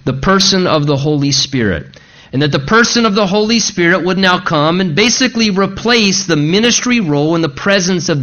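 A male pastor preaching an expository sermon, slowing down deliberately when he reads scripture aloud. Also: on the high side, pushed and bright, muffled recording. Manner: slows to read scripture aloud.

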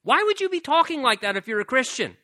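A man's voice: very high-pitched, very animated, rapid-fire, a bit bright, pitched above the performer's own voice, full character voice. A man voicing a scornful unbeliever who mocks a believer with incredulous, accusing questions. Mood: mocking.

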